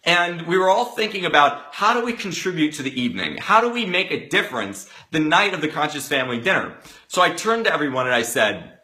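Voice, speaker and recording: Guy giving a pumped-up motivational talk, high bright voice, acts out everybody in his story. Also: brisk. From Los Angeles area resident. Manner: animated, acts out quotes with loud outbursts. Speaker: motivational speaker. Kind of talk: energetic storytelling monologue.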